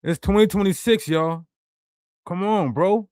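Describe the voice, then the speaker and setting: A man's voice: sits high, measured pace, a little mellow, no echo, clean studio sound. Emphatic man teaching to his viewers. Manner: emphatic, rhetorical, addresses viewers directly. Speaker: ministry teacher. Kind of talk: animated teaching presentation.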